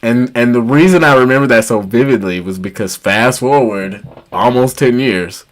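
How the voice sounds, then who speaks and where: A man's voice: medium pitch, normal speed. A man co-hosting a podcast, telling a childhood story in casual chat and laughing through it. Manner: animated storyteller who laughs through his anecdotes. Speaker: podcast co-host.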